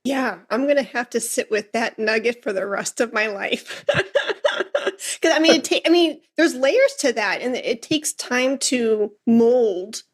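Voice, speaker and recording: A woman's voice: a little high, a little slow. A woman hosting a music podcast, telling a teaching story with energy and acting out the quoted lines. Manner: lively storyteller who acts out quoted lines. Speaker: podcast host and flute teacher. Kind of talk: casual interview chat.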